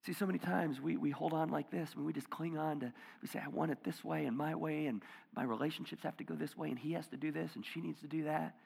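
A male pastor giving a conversational sermon, dropping to hushed near-whispers and rising to loud emphatic bursts. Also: a little high, fast, gravelly, breathy edge, in a large hall. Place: church auditorium.

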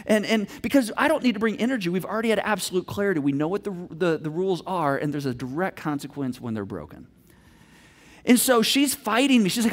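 Animated high-voiced man preaching. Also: brisk. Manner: animated storytelling, acts out voices of himself and his daughter. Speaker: pastor. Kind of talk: sermon.

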